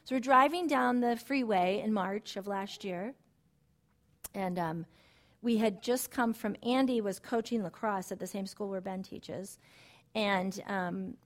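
A middle-aged woman teaching a Bible study in a conversational way, telling personal stories that move from soft and low to excited and emphatic. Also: measured pace.

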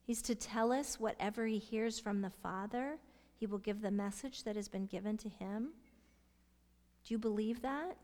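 A middle-aged woman teaching a Bible study, asking her listeners questions and sometimes dropping into soft whispers to stress a point. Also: mid-range voice, normal speed. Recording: long hall reverb.

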